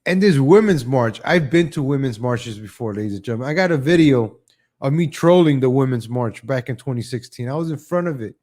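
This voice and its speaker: His voice is mid-range and a little mellow, brisk, with lively intonation. As the host of a live online show, he delivers casual, sarcastic rants, repeats his first words often, and ridicules people by putting on exaggerated voices. The sarcastic, opinionated host keeps switching topics.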